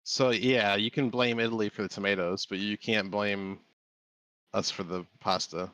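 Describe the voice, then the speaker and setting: A man's voice: fairly low pitch, little pitch movement, normal speed, fairly bright tone, no room sound, rough recording. A man in a casual chat over a voice call, telling rambling anecdotes full of restarts. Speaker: watch-along participant. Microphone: computer mic on a voice call.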